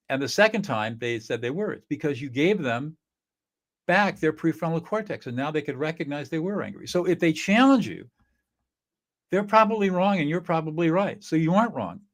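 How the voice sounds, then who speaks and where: A man's voice: fairly high pitch, big pitch swings, normal speed. A middle-aged man teaches in an earnest, coaching way and acts out short example dialogues. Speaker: conflict-resolution teacher. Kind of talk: instructional talk.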